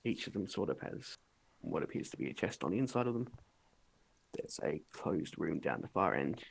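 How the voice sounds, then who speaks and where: A man running a tabletop game, his low voice gravelly and full of rise and fall. He narrates in a loose, relaxed way, hedging with "sort of" at every turn. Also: moderate pace. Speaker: game master.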